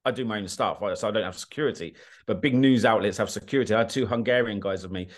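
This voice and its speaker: A British man, a guest on an interview podcast, telling war stories in a blunt, animated way, swearing freely and often checking that the listener follows. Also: lowish voice, quick pace. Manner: animated, blunt, swears, often asks "do you know what I mean". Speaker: guest, war documentary filmmaker. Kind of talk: casual interview storytelling.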